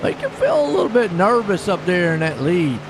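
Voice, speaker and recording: A man giving live play-by-play on a sim race, folksy and excitable, chatting with viewers between calls. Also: high voice, a little fast. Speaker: sim racing commentator. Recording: noisy stream with car engine sound.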